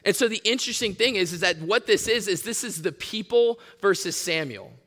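A man's voice: sits high, animated, fairly quick, a bit bright, in a large hall. A man preaching a sermon, teaching earnestly and reading scripture aloud. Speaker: pastor.

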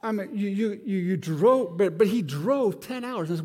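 A male pastor delivers a sermon, telling a story with animated energy and slipping into the voices of its characters. His voice sits a little high for a man. The long reverb of a large church sanctuary rings around every phrase. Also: normal speed, breathy edge.

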